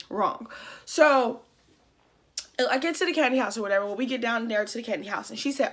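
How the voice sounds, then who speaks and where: A young adult woman chatting to her viewers in a loose, casual story-time vlog. She swears freely and fills her talk with "like" and "um". Her voice sits a little high for a woman. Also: a little fast. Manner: chatty, profane, with many fillers. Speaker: YouTuber.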